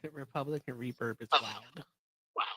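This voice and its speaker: A woman hosting a casual live-stream debate, blunt and lively, laughing often and urging viewers on. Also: extremely low pitch, normal speed, slightly rough, dry recording. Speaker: livestream host.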